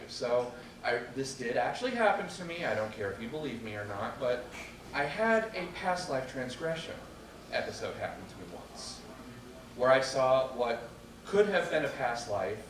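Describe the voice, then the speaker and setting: A man telling a true personal story to a live audience, wry and animated, acting out the voices of others. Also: mid-range voice, normal speed, a crowd in the background. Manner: animated and wry, acts out quotes. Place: stage at a public storytelling night. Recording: echoey room, distant mic, background noise.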